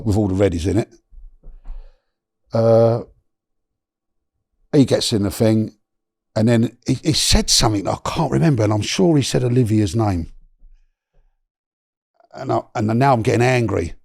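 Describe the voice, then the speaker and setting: A low, gravelly man tells a story as a podcast guest. His voice is dark and husky, and the sound is dry and close. He is animated and slangy, swears, and restarts often. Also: normal speed, pauses often, no room sound.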